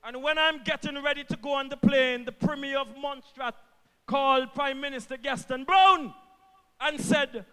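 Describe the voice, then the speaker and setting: A man with an Antiguan accent, a government minister giving an impassioned political rally speech, repeating lines for emphasis and swinging from hushed to shouting. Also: very high-pitched, moderate pace, big-room sound. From Antigua and Barbuda.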